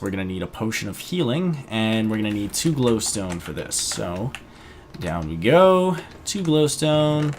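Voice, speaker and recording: A young man casually commenting on his gameplay, chatty and rambling, with sudden excited outbursts. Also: lowish voice, a little hiss or hum. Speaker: gaming video host.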